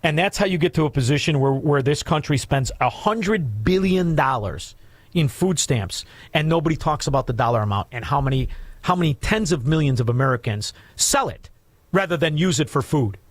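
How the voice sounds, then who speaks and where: A man's voice: a little high, animated, moderate pace, no echo. Combative, mocking male radio host. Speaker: radio talk show host. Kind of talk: talk radio taking calls. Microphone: studio microphone.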